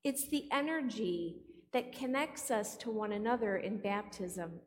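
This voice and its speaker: A woman's voice: mid-range voice, measured pace. A woman pastor delivering a playful sermon, often putting questions to the congregation. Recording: long hall reverb.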